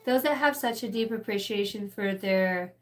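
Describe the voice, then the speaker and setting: A woman's voice: mid-range voice, moderate pace, faint music behind. A woman giving a rambling, casual channeled reading, swearing freely and talking straight to her listeners. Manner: rambling, profane, chatty. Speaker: spiritual channeler.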